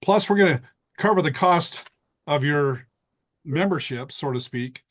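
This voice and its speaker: A man's voice: a little high, lively intonation, a little slow, a bit bright, slight background noise. A man co-presenting on a team video call in casual sales chat, eagerly restating and summing up points.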